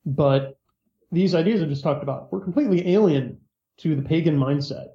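Measured man explaining at length. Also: on the high side, reverberant, muffled recording. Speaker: author and interview guest. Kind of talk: explanatory interview talk.

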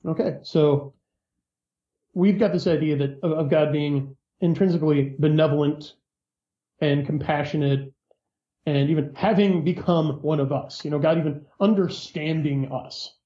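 A man answering as an interview guest, measured and lecturing as he explains at length. His voice is mellow and a touch higher than most men's. It comes through a muffled, lo-fi mic in an echoey room. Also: fairly even intonation.

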